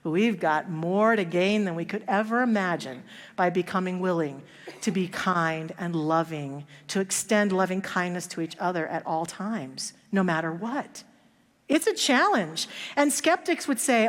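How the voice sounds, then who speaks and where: A woman minister preaches a sermon, telling stories and acting out the people in them in an earnest storytelling manner. Her voice sits at an ordinary middle pitch. It rings out with the long reverb of a church sanctuary. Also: measured pace.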